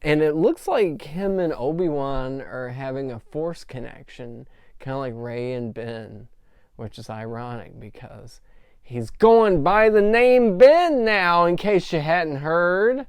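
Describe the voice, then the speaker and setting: A man's voice: a little high, animated, takes it slowly, smooth, no room sound. A man reviewing a show episode in a casual, rambling recap with many fillers. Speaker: film reviewer.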